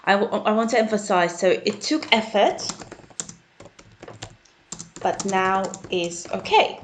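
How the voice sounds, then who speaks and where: A British woman with a mid-range, animated voice speaks slowly over a little hiss or hum. She teaches an online English grammar lesson in a chatty, friendly way, typing notes as she explains and checking in with "okay?" and "guys".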